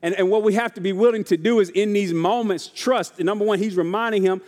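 A man with a high-pitched voice preaches a sermon in a casual, folksy style, repeating phrases and calling out to his congregation. His voice carries a long reverb from a large church sanctuary. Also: fast, a little mellow. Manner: call-and-response preaching, often asks the congregation if they are ready. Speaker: pastor.

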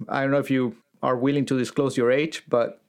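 A man hosting a podcast interview, speaking in a measured, halting way as he searches for words. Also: mid-range voice, little pitch movement, clear, resonant tone. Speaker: podcast host.

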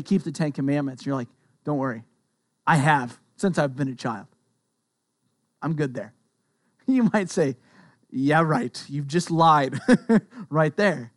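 A man with a high voice preaching a sermon in a chatty way. He repeats phrases for emphasis. The sound is dry and close. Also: dry recording. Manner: conversational preaching with laughs and repetitions. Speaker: pastor.

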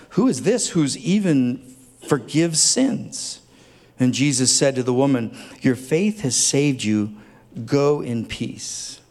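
A man's voice: medium pitch, darkish tone. A man preaching a sermon as a pastor, speaking earnestly and tenderly, building at times to fervent emphasis. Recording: long hall reverb.

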